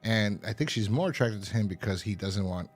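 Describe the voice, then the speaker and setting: A man's voice: fairly low pitch, brisk, slightly rough, soft background music. A man co-hosting a podcast, chatting casually and rambling through stories with frequent laughs. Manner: rambling storyteller who laughs often. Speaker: podcast co-host. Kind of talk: casual review chat.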